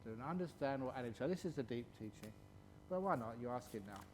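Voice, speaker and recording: Playful monk giving a dharma talk. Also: male voice, mid-range voice, animated, slight background noise. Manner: playful, chuckling, drawls words slowly for emphasis. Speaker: Buddhist monk teaching a retreat. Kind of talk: dharma talk with questions and answers.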